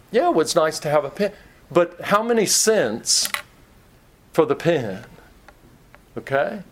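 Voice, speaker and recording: A man with a Kentucky accent preaching a sermon, his voice sitting a little higher than most men's. He keeps it conversational, teasing himself and acting out small everyday scenes to make his points.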